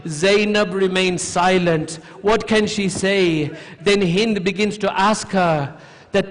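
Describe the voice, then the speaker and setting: Slow, high-voiced man preaching a lament. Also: steady tone, a bit bright. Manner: slow recited storytelling, rising to high emotional pleading in quotes. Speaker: sheikh giving a majlis lecture. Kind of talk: emotional mourning sermon. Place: large mosque hall. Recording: long hall reverb.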